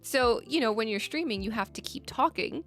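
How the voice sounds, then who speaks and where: A woman from Puerto Rico co-hosting a gaming podcast, telling stories in casual chat with lively swearing. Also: on the high side, fairly quick, soft background music. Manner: animated storyteller, swears freely. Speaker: podcast co-host.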